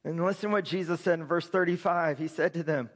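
A man preaching a sermon as pastor, building to shouted emphasis. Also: fairly high pitch, fairly quick.

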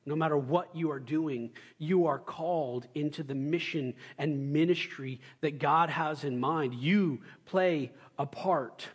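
A young adult male pastor giving a sermon, telling stories with loud excited bursts and quiet asides. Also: on the high side, measured pace, few pauses, slightly rough.

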